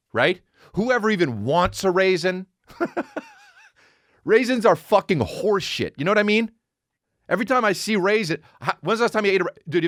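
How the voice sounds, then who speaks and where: A man's voice: high-pitched, no echo, studio quality. Rambling, cursing male podcast host. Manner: profane, rambling, animated storytelling. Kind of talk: solo comedy podcast rant.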